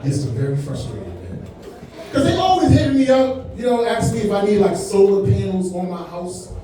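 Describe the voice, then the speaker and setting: A man's voice: high voice, very animated, fairly quick, dark tone. A stand-up comedian in his forties with a laid-back, conversational delivery on a comedy club stage. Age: 40s. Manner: laid-back, conversational delivery with frequent "man" and "you know what I'm saying". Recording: echoey club sound from far off.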